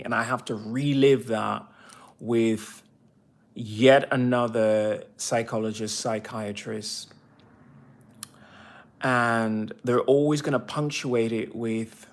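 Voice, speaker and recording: Slow-talking gravelly man ranting. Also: medium pitch. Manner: rambling, bitter and profane ranting; reads and answers viewer comments. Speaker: veteran livestreamer. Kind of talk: casual livestream monologue.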